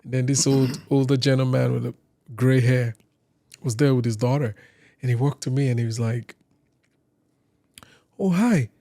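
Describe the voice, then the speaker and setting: A man from Nigeria, a singer on a podcast, telling casual stories in a lively way and acting out other people's lines. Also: mid-range voice, brisk, vocal fry. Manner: lively anecdote teller who acts out other people's lines. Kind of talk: casual storytelling chat.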